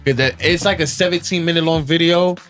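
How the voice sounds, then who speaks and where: A young man chatting casually with friends, an excitable, slangy storyteller who laughs often. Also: a little high, brisk, soft background music. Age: young adult. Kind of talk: casual chat among friends.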